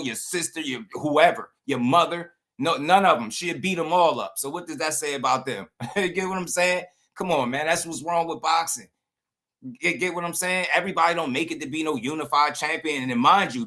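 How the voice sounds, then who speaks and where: A man's voice: fairly high pitch, bright, forceful tone. A man hosting a boxing livestream channel, talking in a heated, blunt, slangy way and often repeating himself. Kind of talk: livestream commentary rant.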